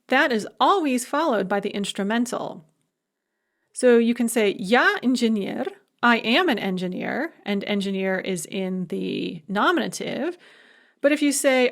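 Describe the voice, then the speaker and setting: A woman professor giving a recorded video lecture, explaining clearly and slowing down for her example phrases. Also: on the high side. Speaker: language professor.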